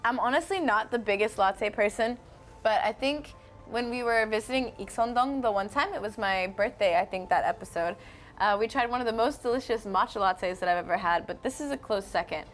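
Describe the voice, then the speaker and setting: Soft music plays behind this young host from North Carolina, whose fairly high voice moves at a fairly quick clip. She's friendly and chatty on her casual live stream, reading comments from viewers out loud.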